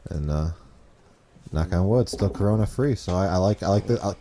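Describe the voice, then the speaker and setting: A man's voice: deep voice, brisk, dark tone, a little hiss or hum. A man co-hosting a casual podcast, laid-back, joking and swearing freely. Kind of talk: casual chat.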